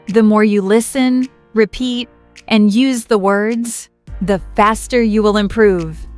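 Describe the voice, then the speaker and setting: A woman teaching a slow beginner English lesson, speaking clearly and repeating each word for the learner. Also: fairly high pitch. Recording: dry close voice with faint music. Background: faint background music.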